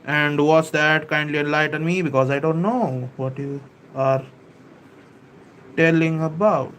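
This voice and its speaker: Man, live-stream host, casual teaching, unhurried, bright tone, hesitant restarts. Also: on the high side, slight background noise. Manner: chatty, reads viewer comments aloud, says "bro" and "kindly" often; self-correcting, hesitant restarts. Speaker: livestream host explaining software models.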